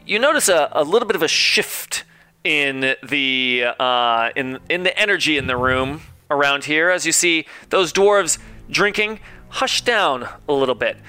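A man's voice: on the high side, expressive, a little slow, pushed and bright, clean tone, soft background music. A man narrating a tabletop game as game master, hesitant with many fillers.

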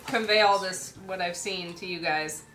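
A woman's voice: lowish voice, moderate pace, a bit bright, slight background noise, poor audio. A woman playing a tabletop role-playing game, explaining her character's moves with playful quips. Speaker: player.

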